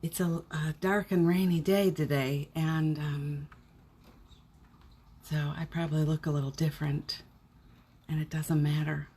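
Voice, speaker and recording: Middle-aged woman chatting on her morning livestream at home, kinda husky, lowish voice, greets everyone by name. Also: flat delivery, a little slow, long pauses, warm tone. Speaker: live stream host. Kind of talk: casual live stream chat greeting viewers. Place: home indoors.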